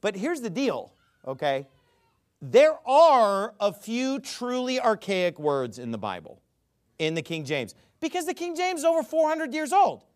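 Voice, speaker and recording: A man's voice: very high-pitched, wildly swooping pitch, unhurried, a little mellow. A man giving a ranting commentary, emphatic and sarcastic, who often stammers and restarts his sentences. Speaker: religious commentator.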